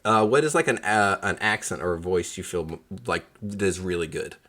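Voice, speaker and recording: A man's voice: sits low, animated, moderate pace, sharp tone. A man hosting a podcast interview, talking casually with jokes and lots of fillers. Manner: rambling, joking, many fillers. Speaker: podcast host.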